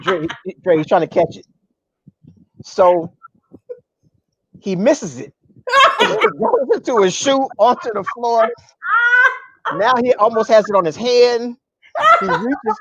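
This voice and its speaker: Man, comedian, casual storytelling, animated, does voices, muffled sound. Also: sits high, measured pace, pauses often. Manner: animated, mimics voices and groans. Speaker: guest comedian.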